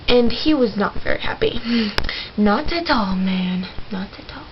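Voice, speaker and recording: A woman's voice: medium pitch, animated, a little slow, highs cut off, background noise, natural voice. A woman playing a naive, chatty fourteen-year-old girl in a character vlog, rambling and giggly, full of "like".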